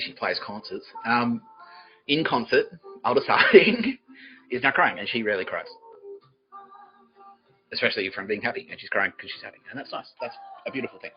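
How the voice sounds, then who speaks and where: Male podcast host; profane, rambling comic monologue; slightly muffled recording with faint music. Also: on the low side. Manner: profane, rambling, laughs mid-sentence.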